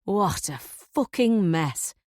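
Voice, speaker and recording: A woman's voice: mid-range voice, lively intonation, slow, darkish tone, no echo, studio quality. A woman voicing a menacing middle-aged man, a cornered killer who sneers and snarls his threats. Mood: frantic anger.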